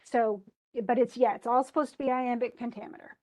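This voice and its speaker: A woman's voice: on the high side, steady tone, fairly quick, darkish tone. Chatty woman teaching a class. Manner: chatty, thinking aloud, self-correcting. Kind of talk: classroom lesson on poetry meter.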